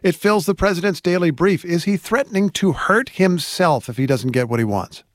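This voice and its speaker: A man hosting a news interview, asking calm, probing questions. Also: high-pitched, normal speed, no echo, clean studio sound. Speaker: radio interviewer.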